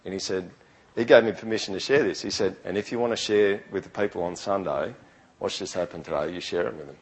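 A man's voice: sits low, quick pace, breathy edge, low-quality recording. A middle-aged man preaching a sermon in a conversational, earnest way, often restarting his sentences. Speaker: pastor.

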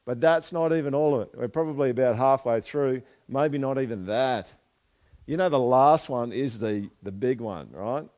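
A male pastor delivers a sermon in a relaxed, chatty way. He slips into animated voices when acting out quoted apologies. His voice sits at a middle pitch for a man. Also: moderate pace.

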